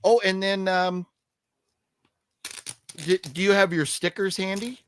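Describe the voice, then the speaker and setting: A man's voice: high voice, measured pace, slight background noise. An older man co-hosting a live stream, reading chat comments aloud and joking casually. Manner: lively, reads chat comments aloud, jokey. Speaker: co-host. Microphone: streaming setup.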